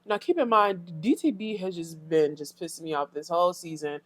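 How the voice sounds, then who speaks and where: A woman's voice: on the low side, brisk, dry recording. A young woman from Florida who recaps a reality show with blunt, sassy casual commentary and talks straight to her viewers. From Fort Pierce, Florida.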